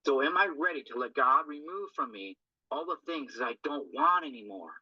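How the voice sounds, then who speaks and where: An earnest man works through a recovery reading in a loose, rambling way, often tagging on a quick question to his listeners. His voice is very bright and forward. The recording is dry and dull, with a lo-fi sound. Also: on the high side, animated, breathy edge, no room sound. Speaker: recovery group speaker. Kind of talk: informal talk on a recovery text.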